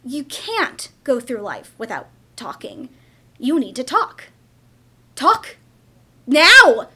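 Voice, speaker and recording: Woman acting as an exasperated nagging mother, high bright voice, lively swooping pitch, slow deliberate delivery. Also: husky, heavily acted. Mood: scolding. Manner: nagging, swings between coaxing and shouting. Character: pushy exasperated mother scolding a silent daughter. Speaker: stage actor. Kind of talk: theatre monologue.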